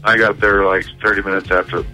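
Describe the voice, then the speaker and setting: An older man phoning in to a morning radio show, laid-back and friendly, with a lowish but bright, forward voice. Faint music sits behind the call. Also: flat delivery, quick pace. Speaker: caller.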